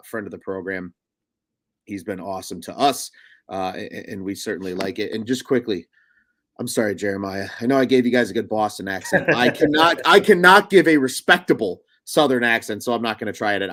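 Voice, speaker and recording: A man's voice: mid-range voice, fairly bright tone, no echo. A young adult man co-hosting a casual sports talk show, chatty and rambling, with lots of fillers and restarts. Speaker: podcast co-host.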